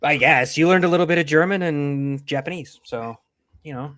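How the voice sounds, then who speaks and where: A man's voice: fairly high pitch, normal speed, fairly bright tone, no room sound, studio quality. A man co-hosting a podcast, telling self-mocking anecdotes in casual chat and laughing often. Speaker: podcast co-host.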